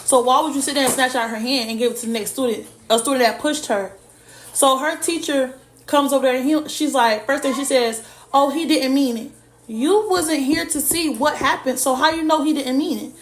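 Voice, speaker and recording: A woman's voice: high voice, a little fast. A woman vlogger and parent heatedly retelling a school incident to her viewers in a casual storytime. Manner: heated, indignant retelling with lots of direct address. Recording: echoey room.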